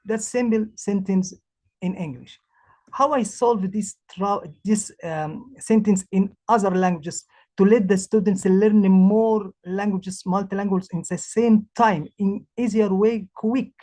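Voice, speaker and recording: A woman who is a language teacher, presenting her project in English, halting and restarting as she searches for words. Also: mid-range voice, steady tone, warm tone. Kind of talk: presentation talk.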